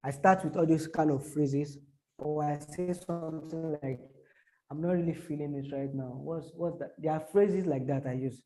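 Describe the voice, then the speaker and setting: Halting man teaching. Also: on the high side, steady tone, dark tone, soft background music. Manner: repetitive, halting, gives spoken examples. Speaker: social media marketing teacher. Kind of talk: explaining to a small audience.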